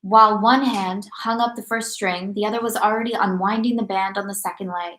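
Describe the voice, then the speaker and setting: A woman reading a classic novel aloud at a steady, measured pace. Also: mid-range voice. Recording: echoey room.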